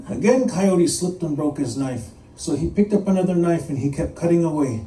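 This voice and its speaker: Brief: male storyteller, animated and playful, fairly high and very dark-toned. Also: normal speed, few pauses, a little hiss or hum. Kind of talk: live oral storytelling. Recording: echoey room, mic at a distance.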